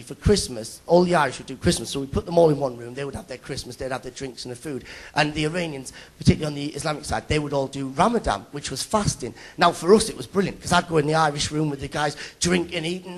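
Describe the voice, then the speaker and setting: A young man performs stand-up on a live stage, talking to the crowd at a rapid clip. His voice sits a little high with a gravelly edge, and he teases and chats with the audience as he goes. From Middlesbrough, England. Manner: chatty, teasing banter with the audience. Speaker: stand-up comedian. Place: stage at a live awards show.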